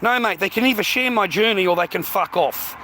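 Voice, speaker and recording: High-voiced, swearing Australian streamer. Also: male voice, fairly quick. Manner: rambling, swears heavily, calls everyone mate. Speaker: livestreamer. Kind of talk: casual livestream chat to viewers. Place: outdoors on a street. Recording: outdoor street noise, passing traffic.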